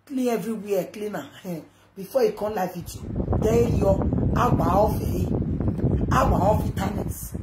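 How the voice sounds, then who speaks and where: A woman with a Nigerian accent rants loudly and rambles through a live video, slipping between Pidgin and local languages. Her voice rings in an echoey room. Steady background noise runs under her talk. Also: mid-range voice, moderate pace.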